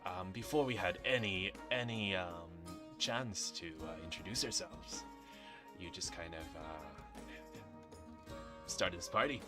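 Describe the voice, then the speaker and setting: A man's voice: deep voice, takes it slowly, music in the background. A man narrating a tabletop game as game master, laughing often and stumbling over words.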